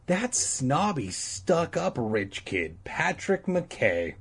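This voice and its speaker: A man voicing a hot-tempered, bratty schoolboy in a husky, high-pushed voice as he reads a story aloud. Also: sing-song, extremely slow, a bit bright, heavily acted. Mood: indignant. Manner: whiny, shrill when upset.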